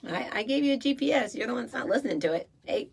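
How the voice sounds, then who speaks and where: Fields: Figure: a woman doing God, male, laid-back, shrugging off blame. Delivery: flip, dismissive, pitched up high. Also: animated, racing, creaky, husky, heavily acted.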